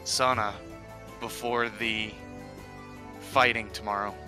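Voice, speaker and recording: A man's voice: on the low side, flat delivery, slow, music in the background. A man playing a tabletop game, chatting in a dry, laid-back way. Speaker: player. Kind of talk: casual table chat.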